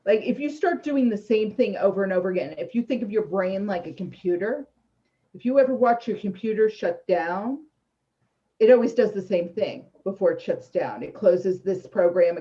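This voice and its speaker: A woman in her fifties calmly coaches listeners through bedtime routines and lays out each step. Her voice is mellow and relaxed. The recording sounds dull and lo-fi. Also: fairly low pitch. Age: 50s. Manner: calm, coaching, explains step by step. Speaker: sleep educator guest. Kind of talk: explanatory interview talk. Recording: dull lo-fi audio.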